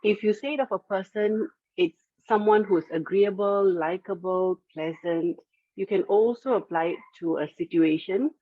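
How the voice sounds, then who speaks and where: At an online club meeting, a woman presents the word of the day, clearly and carefully explaining its pronunciation in a mid-range voice at a moderate pace. The video-call audio is dry and phone-like, with no room sound.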